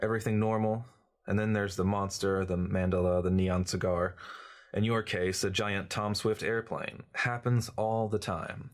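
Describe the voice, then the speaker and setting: A man's voice: lowish voice, steady tone, normal speed, lightly acted. A man reading as a glib, cynical journalist who lectures breezily in an audiobook. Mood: lecturing. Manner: breezy, lecturing, know-it-all.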